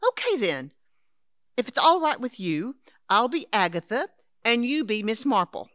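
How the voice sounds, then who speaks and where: Woman doing brisk scheming old lady in a radio play, lively pitch, dry sound. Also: dry recording. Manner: brisk, patronizing, calls others dear and darling. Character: scheming elderly woman, Henrietta, would-be crime writer. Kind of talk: audio drama acting.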